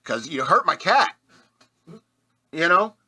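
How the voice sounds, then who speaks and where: A man's voice: on the high side, very animated, takes it slowly, sharp tone, slightly rough. A man hosting a radio show, telling rambling personal stories in a casual, self-deprecating way with chuckles. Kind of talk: casual storytelling.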